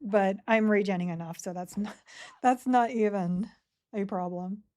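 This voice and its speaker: A woman in her forties from Sydney with an Australian accent softened by years in America, chatting casually with her audience while she plays a game and answering chat between moves, her throat a bit dry. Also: mid-range voice, measured pace. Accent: Australian, partly Americanized. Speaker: game streamer. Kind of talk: casual live-stream commentary while playing.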